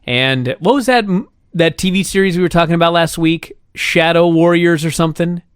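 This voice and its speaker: A man's voice: fairly high pitch, normal speed, smooth, dry recording, studio quality. A man co-hosting a podcast in casual chat, incredulous and exclaiming, full of rhetorical questions. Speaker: podcast co-host.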